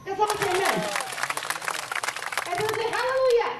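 A woman's voice: extremely high pitch, fairly quick, a loud crowd, very noisy. A woman minister preaching a sermon, sharing a testimony, leading the congregation in call-and-response and often repeating herself. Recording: distant echoey church hall, dull sound.

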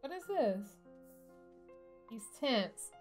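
Excitable woman chatting over a game. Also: on the high side, drawn-out words, faint music behind. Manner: chatty, excitable, talks to her game characters. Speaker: gaming channel host. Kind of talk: casual let's-play commentary.

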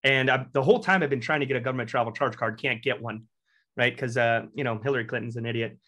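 A man's voice: medium pitch, fast talker. Profane young Texan man telling stories. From Texas. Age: young adult. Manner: profane, animated anecdote-telling with acted quotes. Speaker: guest, Marine veteran. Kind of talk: casual storytelling.

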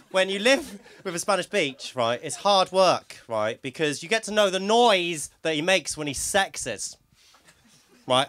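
A man's voice: high voice, a bit bright. A man doing a rambling stand-up routine in front of a small live audience, with lots of "right?" tags and laughing asides. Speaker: stand-up comedian.

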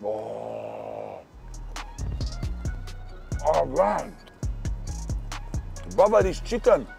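A young man with a Sydney accent reviewing burgers in a casual vlog, talking in loud slangy banter. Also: extremely slow, vocal fry, soft background music. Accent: Australian, Sydney. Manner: loud slangy banter, animated swings in pitch. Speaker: food reviewer and vlogger. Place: outdoors and in burger shops around the city.

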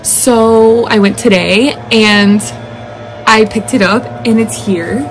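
A young woman with a Southern US lilt chats excitedly in a casual home vlog. Her voice sits a little high, and she piles up fillers as she gushes. Lawn equipment hums faintly outside. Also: a little hiss or hum. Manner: gushing and excitable, fast filler-heavy talk. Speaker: vlogger. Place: home indoors.

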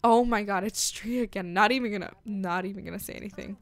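A woman hosting a casual let's-play, chatting and gushing excitedly as she narrates her game. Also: medium pitch, quick pace, no echo. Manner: bubbly, gushing, chatty with lots of "like" and "freaking". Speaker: gaming channel host.

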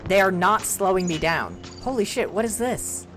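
A woman's voice: medium pitch, sing-song, moderate pace, faint music behind. A woman streaming a game, chatting with her viewers, joking and laughing often. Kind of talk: casual gaming stream commentary.

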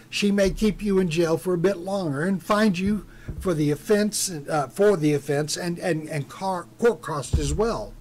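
A man voicing a small-town deputy who speaks in a calm, measured, firm way. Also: on the high side.

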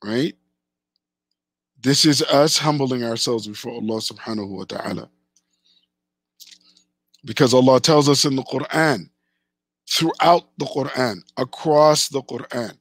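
A man's voice: mid-range voice, a bit bright, slightly rough, no echo. A man giving an emphatic religious lecture, repeating phrases for stress and reciting Arabic verses between his English. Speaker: Islamic teacher.

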